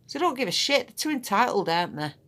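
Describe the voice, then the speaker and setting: A woman's voice: medium pitch, sing-song, fast, fairly bright tone. A middle-aged woman chatting casually in a rambling, blunt way while demonstrating a treatment. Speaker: aesthetics practitioner.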